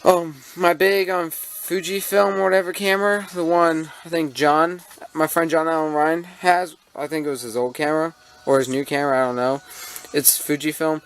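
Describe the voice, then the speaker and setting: High-voiced American guy ranting. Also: level tone, normal speed, fairly bright tone. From United States. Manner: rambling, indignant, many fillers and restarts. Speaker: model railroad vlogger. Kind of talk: casual ranting vlog. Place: home model railroad layout room. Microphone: handheld camera mic.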